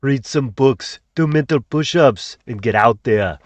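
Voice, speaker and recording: A man's voice: medium pitch, measured pace, dry recording, voice pushed down, close to an everyday voice. A man impersonating a jovial, teasing Austrian-accented bodybuilder action star.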